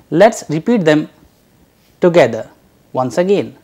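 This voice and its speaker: A language teacher giving a recorded lecture, drawing out each letter sound slowly and carefully for learners to repeat. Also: medium pitch, lively intonation, a little mellow.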